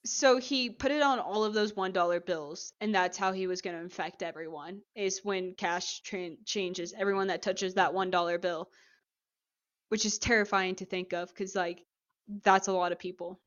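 A woman co-hosting a podcast, chatting casually as she retells a TV episode with lively acted-out quotes. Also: medium pitch, normal speed, highs cut off. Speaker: podcast co-host. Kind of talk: casual chat recapping a TV episode.

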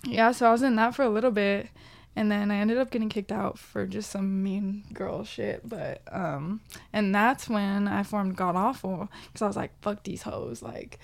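A woman's voice: mid-range voice, steady tone, normal speed, creaky. Giggly young woman rambling with "like". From Southern California. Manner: rambling, lots of "like" fillers, giggly. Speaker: guest musician. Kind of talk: casual podcast chat.

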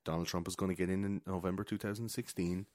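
A man co-hosting a casual film chat, swearing freely and acting out quotes in loud, high voices. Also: fairly even intonation, quick pace, no room sound, studio quality. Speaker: podcast co-host.

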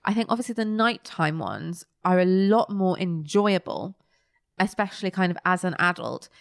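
A woman's voice: on the low side, lively intonation, normal speed, creaky, no echo, clean studio sound. A young woman co-hosting a casual podcast, chatting and retelling scenes with little quoted voices. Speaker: podcast co-host. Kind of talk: casual chat reviewing a kids' show.

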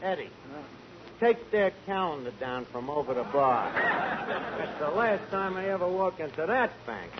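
A man's voice: on the high side, very animated, moderate pace. A man playing a brash, scheming bar manager who wisecracks and mangles his grammar, in 1940s radio comedy. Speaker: tavern manager. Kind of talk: 1940s radio sitcom acting. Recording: dull lo-fi 1940s radio broadcast with hiss.

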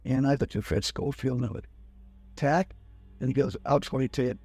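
A man's voice: mid-range voice, fairly even intonation, quick pace, mellow, slightly rough, no room sound, faint music behind. An older man telling a rambling personal story in casual talk, acting out the people he quotes. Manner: rambling, acts out quoted officers. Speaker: guest telling his life story.

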